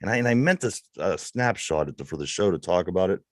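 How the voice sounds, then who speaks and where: A man's voice: low voice, animated, quick pace, dry recording, clean studio sound. A man with a Pittsburgh accent co-hosting a sports podcast, bringing up topics and reading out stats with hesitant restarts. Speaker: podcast co-host. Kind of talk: casual sports banter.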